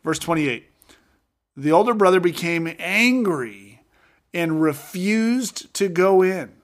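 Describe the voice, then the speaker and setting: A man co-hosting a podcast, talking through a Bible passage and acting out its characters with lively voices. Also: sits high, slow pace. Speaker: podcast co-host. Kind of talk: Bible study podcast chat.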